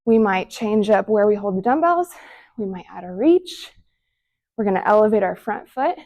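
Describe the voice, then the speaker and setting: A young woman with a slightly high voice coaching a home workout. She is out of breath and puffs between cues. She counts down sets and cheers the listener on. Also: warm tone. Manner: encouraging, counting down reps between short breathy exhales. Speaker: fitness instructor. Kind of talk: follow-along workout instruction.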